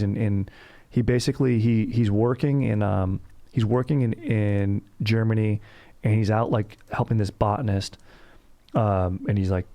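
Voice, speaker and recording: A man's voice: lowish voice, dark tone. A young man hosting a casual storytelling podcast, hyped and slangy, swearing casually and saying dude constantly. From Orange County, California. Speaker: podcast host.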